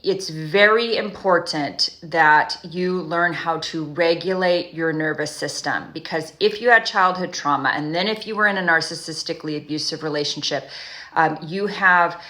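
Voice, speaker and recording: Woman, life coach, casual advice talk, bright clear tone, lowish voice, rambling self-corrections. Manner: rambling, self-correcting, frequent "you know" and "right?"; slow, soothing guided breathing. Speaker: trauma recovery coach. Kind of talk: casual advice monologue to camera.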